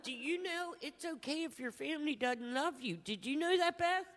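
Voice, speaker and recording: A woman's voice: high-pitched, lively intonation, moderate pace, a bit bright. A woman giving an impromptu, rambling and emotional tribute in church, joking as she goes. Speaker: congregation member giving a tribute. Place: church hall. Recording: echoey church hall.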